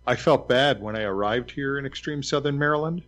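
A man's voice: mid-range voice, fairly quick, a bit bright, dull audio. A man telling a story in casual chat, hesitant with fillers and wry.

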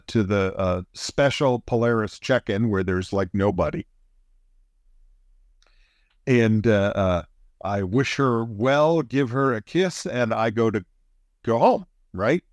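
A middle-aged man co-hosting a casual chat, telling a story in an animated way, chuckling often and jumping up in pitch for emphasis. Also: no room sound. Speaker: podcast co-host.

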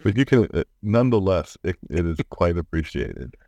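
A man's voice: deep voice, very animated, normal speed, creaky, mellow, no room sound. A man chatting casually as a podcast co-host, often stumbling and repeating his words. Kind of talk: casual chat.

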